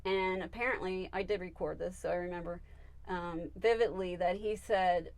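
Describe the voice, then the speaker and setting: Animated woman telling a story. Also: on the low side, moderate pace, no echo. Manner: animated, acts out the voices in her stories. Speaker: psychic medium guest. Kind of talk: storytelling in a podcast interview.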